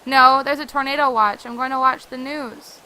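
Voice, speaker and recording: A woman voicing an anxious young brother who talks in a fussy, rushed, repetitive way. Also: sits high, steady tone, sharp tone, a little hiss or hum, rough recording. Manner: fussy, rushed, repeats himself. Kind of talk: reading game dialogue aloud.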